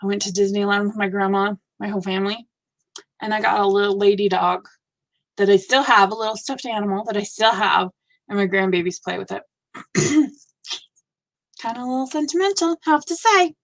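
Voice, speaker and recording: A woman in her fifties hosting a casual live stream, gushing warmly over viewers' work with effusive reactions. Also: mid-range voice, normal speed. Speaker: host of a live stitching show.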